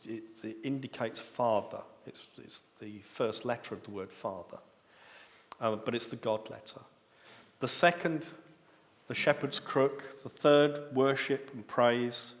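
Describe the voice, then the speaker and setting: This sermon comes from a man from the United Kingdom whose mid-range voice has a slightly bright edge. He explains his points step by step, lifting his voice on important words, and a church hall's long reverb surrounds him.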